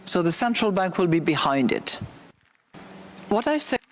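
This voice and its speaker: A woman central banker with a French accent, speaking in a measured, hesitant way in an interview clip. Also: on the low side, very animated, a little hiss or hum.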